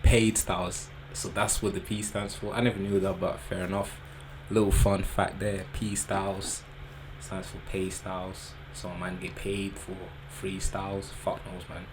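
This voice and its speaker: A man's voice: deep voice, flat delivery, measured pace. A man, hosting a reaction video in a loose, joking commentary with slang. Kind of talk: casual commentary. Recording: background noise.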